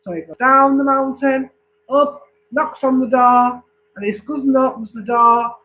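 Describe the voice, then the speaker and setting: A man telling a long joke casually, repeating himself and checking that his listeners follow. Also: very high voice. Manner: slow, repetitive storytelling with check-ins. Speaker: joke teller. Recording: tinny phone-like recording.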